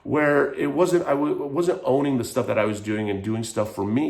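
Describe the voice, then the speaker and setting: A man's voice: mid-range voice, steady tone, normal speed, vocal fry, a little mellow. A man frankly telling a personal story in a vlog, emotional and rambling, with lots of "like". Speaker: vlogger.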